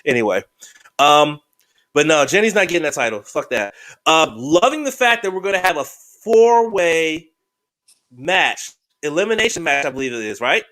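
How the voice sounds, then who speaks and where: A man hosting a podcast in casual, excitable chat, swearing freely and joking around. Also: a little high, moderate pace. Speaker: podcast host.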